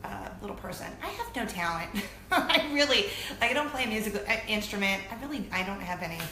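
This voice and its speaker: A woman in her thirties hosting a weekly web show, chatting casually to camera in an animated, self-deprecating way. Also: mid-range voice, fast. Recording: echoey room with faint noise.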